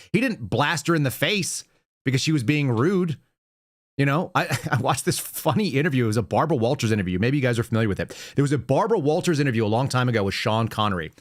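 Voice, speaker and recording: Guy hosting his own show, talking politics off the cuff, lots of ums and restarts, middle pitch. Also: big pitch swings, fast talker. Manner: conversational, with fillers and self-corrections. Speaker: podcast host. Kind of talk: casual political commentary.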